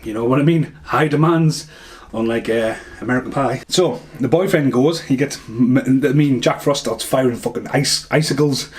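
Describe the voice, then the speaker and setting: Bloke ranting about a movie, loads of swearing, mid-pitched voice, goes off on tangents. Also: male voice, fairly quick. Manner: rambling, swears a lot, laughs at own jokes. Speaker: film reviewer. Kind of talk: casual movie review rant.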